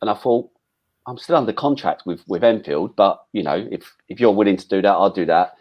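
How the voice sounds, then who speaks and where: Chatty middle-aged Englishman, slightly low voice. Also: brisk, lo-fi sound. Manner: chatty, frequent restarts and "um"s, swears casually. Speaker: former footballer guest. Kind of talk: casual interview storytelling.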